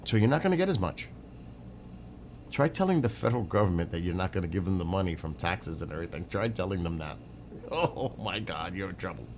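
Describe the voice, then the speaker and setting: A man streams with a deep voice, lively intonation, and a slightly fast pace, with a little background noise behind him. He offers opinionated, rambling casual commentary, swears now and then, and answers chat viewers by name.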